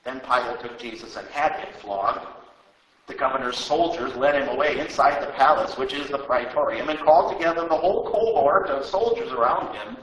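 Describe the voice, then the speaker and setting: A man giving a dramatic, expressive reading of scripture. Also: mid-range voice, normal speed, distant mic. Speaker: reader. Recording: roomy sound, away from mic.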